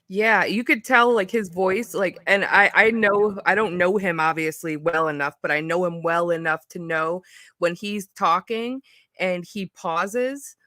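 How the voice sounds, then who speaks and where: A woman hosting a live stream panel, chatting casually, giggly and excitable with lots of fillers. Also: on the low side, a little slow, no echo, studio quality. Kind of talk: casual chat.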